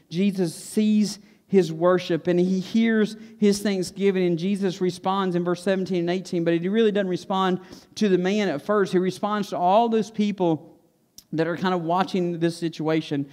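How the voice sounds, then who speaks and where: A man's voice: sits high, darkish tone. A man preaching a sermon to his church, earnest, repeating phrases for emphasis. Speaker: pastor. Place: church sanctuary.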